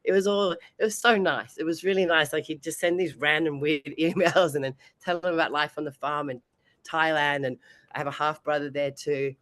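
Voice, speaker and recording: A woman's voice: low voice, steady tone, brisk, fairly bright tone, no room sound. A woman, chatting as an interview guest and laughing often between sentences. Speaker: bodybuilding competitor and guest. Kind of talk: casual interview chat.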